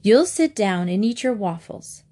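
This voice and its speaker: Brief: a woman voicing a harried mother, brisk and firm with her children. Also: mid-range voice, animated, dark tone. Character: brisk busy mother of four.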